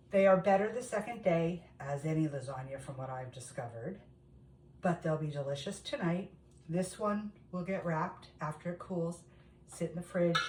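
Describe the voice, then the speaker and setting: A middle-aged woman talks casually through a home recipe, addressing viewers directly. Her voice sits a little low. The sound carries a roomy kitchen echo with faint background noise. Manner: chatty, talks straight to viewers. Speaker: home cooking vlogger. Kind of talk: casual cooking demonstration.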